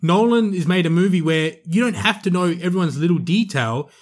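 A man's voice: sits high, expressive, a little fast. A man co-hosting a casual movie review podcast, chatty and emphatic, often restarting his sentences. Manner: chatty, emphatic, self-correcting. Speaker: podcast co-host.

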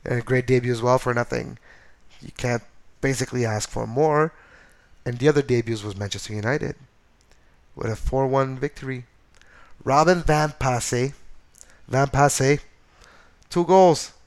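A man of everyday middle pitch runs a one-man soccer podcast and rattles through the weekend's results. He talks casually and gets animated, tossing in jokes and correcting himself on the fly. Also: a little slow, pauses often. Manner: animated, excitable, jokey asides and self-corrections. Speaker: podcast host. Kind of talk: casual solo soccer recap.

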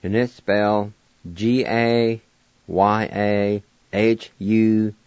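A man's voice: lowish voice, little pitch movement, drawn-out words, a little mellow, clean tone, dry recording, muffled recording. A man hosting a radio language lesson, spelling out words letter by letter and pronouncing them patiently. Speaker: language teacher on a radio show. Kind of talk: slow spelling and pronunciation lesson.

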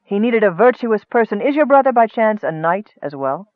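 A man voicing a sinister, frail male wizard who speaks softly with a hiss and a calm sneer. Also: high voice, moderate pace, no echo, voice pushed up. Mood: dark. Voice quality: soft hissing voice. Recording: tinny phone-like dry sound.

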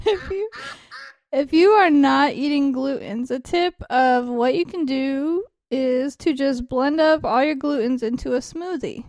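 A woman's voice: high voice, takes it slowly, a little mellow, dry recording, studio quality. A woman co-hosting a podcast in casual chat, jokey and laughing often. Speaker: podcast co-host.

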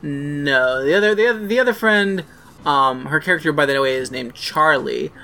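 A man's voice: a little high, normal speed, bright, forceful tone. A man co-hosting a podcast in casual chat, hesitant with many fillers. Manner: hesitant, lots of "like" and "um". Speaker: podcast co-host.

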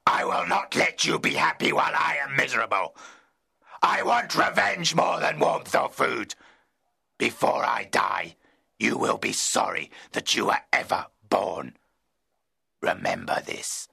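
A man voicing a vengeful, lonely male monster in a storybook reading, speaking slowly and menacingly in a half-whispered voice. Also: mid-range voice, big pitch swings, pushed and bright, voice pushed up, exaggerated voice. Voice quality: gravelly, raspy, half-whispered. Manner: slow, menacing, commanding.

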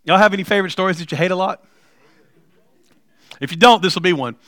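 A middle-aged man preaching a sermon, telling stories with humor and building to loud, emphatic points. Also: high voice, fast talker, dry recording, studio quality. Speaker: pastor.

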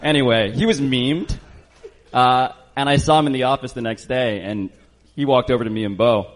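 A man's voice: mid-range voice, moderate pace. A man telling a self-mocking story in casual podcast chat. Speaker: podcast co-host.

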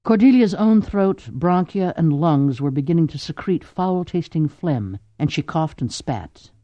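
A man narrates an audiobook with a lively, expressive delivery and a mellow tone. The audio is dry and slightly dull. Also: on the high side, a little slow, no echo. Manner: expressive reading. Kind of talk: scripted narration.

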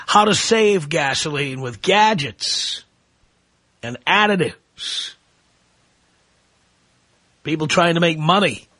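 A man's voice: a little high, sharp tone, no room sound. A middle-aged man hosting a talk radio show, ranting and mocking his listeners with sarcasm. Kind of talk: opinionated talk radio monologue.

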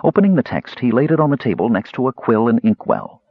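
A man narrating a fantasy novel as an audiobook, in an expressive, measured storytelling manner. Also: medium pitch, husky, no room sound, lo-fi sound.

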